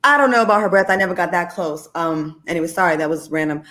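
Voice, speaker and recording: A woman's voice: on the low side, fast talker, fairly bright tone. Candid laughing woman guest. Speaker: guest, former reality TV cast member. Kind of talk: casual interview chat.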